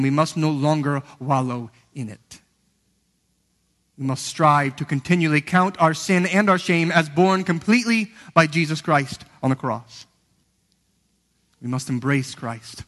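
An earnest man delivering a sermon, his somewhat high voice swelling to emphatic peaks and falling to near-whispers. The sound carries a long reverb, as in a big hall. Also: steady tone, measured pace. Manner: earnest, building to emphatic peaks and dropping to hushed lows. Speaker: preacher.

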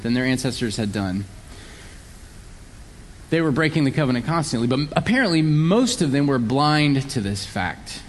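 A man preaching a sermon, explaining scripture earnestly and sometimes acting out sarcastic voices. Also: on the high side. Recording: long hall reverb.

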